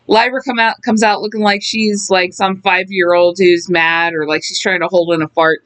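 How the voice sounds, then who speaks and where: A woman's voice: fairly low pitch, fairly even intonation, moderate pace, fairly bright tone. A woman co-hosting a podcast, recapping wrestling in casual chat, blunt and offhand with many fillers. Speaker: podcast co-host.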